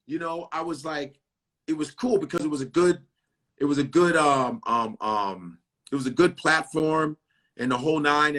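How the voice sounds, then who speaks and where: A comedian from Chicago, a guest in a casual interview chat, talks in a bright, somewhat high male voice. He's blunt and profane, telling stories animatedly and acting out other people's lines.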